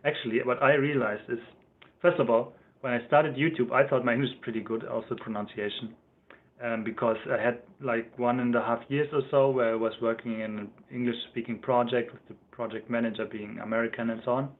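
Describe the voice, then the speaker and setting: A man's voice: mid-range voice, fairly even intonation, fairly quick. A man from Germany with a German accent, chatting casually and rambling on a livestream, often laughing and reading out chat comments. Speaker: livestream host. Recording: tinny phone-like sound.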